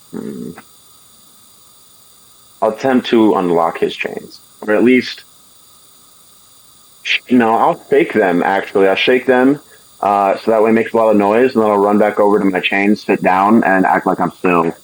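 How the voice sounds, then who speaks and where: A man's voice: fairly low pitch, unhurried, pauses often, rough recording. A man playing a rogue in a tabletop game, hesitant and thinking aloud with many fillers. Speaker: player.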